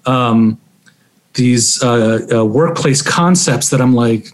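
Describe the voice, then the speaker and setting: A young man from Maryland, speaking in a halting, reflective conversational way with many fillers and restarts. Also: medium pitch. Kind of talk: conversational interview.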